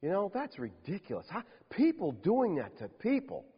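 A man preaching a sermon, emphatic and animated, firing off rhetorical questions to his congregation. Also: high-pitched, normal speed, slightly rough. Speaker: pastor. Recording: dull lo-fi sound with long hall reverb.

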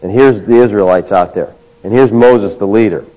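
A man preaching a sermon, conversational, moving between quiet asides and raised, emphatic bursts. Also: lowish voice, normal speed. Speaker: pastor. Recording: dull lo-fi sound.

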